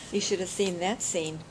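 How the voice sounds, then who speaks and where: A woman's voice: lowish voice, noisy background. An older woman telling family stories in an oral history interview, chatty and laughing often.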